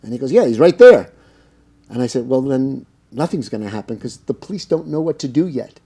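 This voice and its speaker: A middle-aged man from the United States tells stories as an interview guest, with a dark, mellow tone and a medium pitch. He rambles easily through his anecdotes, stacking up fillers and restarts. He slips into other people's lines as he quotes them. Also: fast talker, slightly rough. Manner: anecdotal, lots of fillers, acts out quoted dialogue. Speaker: interview guest, cannabis business owner. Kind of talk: casual storytelling interview.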